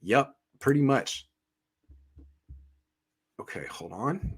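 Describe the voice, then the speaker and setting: A man's voice: medium pitch, lively intonation, slow, slightly rough. A man hosting a sports show, chatting casually and reading viewer comments aloud with blunt, sarcastic remarks. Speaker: sports podcast host.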